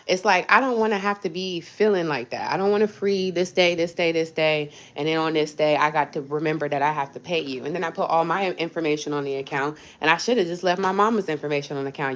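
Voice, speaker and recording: A woman's voice: deep voice, a little fast. Blunt, profane woman ranting on a livestream. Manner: blunt, profane, sarcastic storytelling. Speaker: livestream host. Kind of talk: casual livestream rant.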